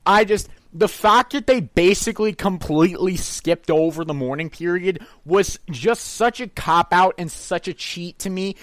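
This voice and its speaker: A man's voice: high voice, normal speed, hardly any pauses, fairly bright tone, no echo. A man co-hosting a movie review chat, bluntly and emphatically repeating his complaints. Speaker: co-host of a movie review show.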